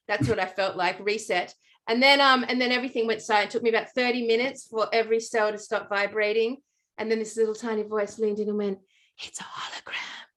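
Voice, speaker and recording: A middle-aged Australian woman telling a long story in casual chat, animated and rambling with many fillers and restarts. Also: medium pitch. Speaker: podcast co-host.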